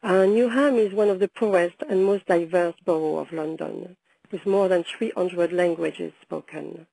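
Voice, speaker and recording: A woman with a sore throat delivers a webinar presentation, her voice hoarse and gravelly. Her tone is dark and mellow, and she moves at a measured pace, stopping often to hesitate. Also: on the low side, steady tone, no room sound, poor audio. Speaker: presenter, founder of a video project. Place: London.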